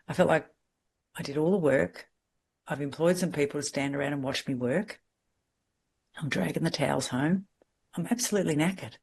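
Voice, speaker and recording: Woman mentor leading a group coaching call; blunt, straight-talking, high energy. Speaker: salon business mentor.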